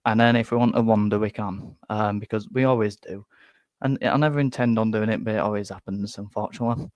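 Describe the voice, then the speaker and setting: A man's voice: fairly low pitch, steady tone, fast talker, darkish tone, no room sound. A man hosting a football reaction live stream, rambling and self-deprecating with many restarts. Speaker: football fan channel host.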